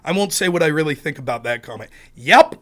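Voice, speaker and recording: A man hosts a political livestream, ranting in a combative, sarcastic, and profane manner. His voice is on the high side, fast, and full of lively intonation.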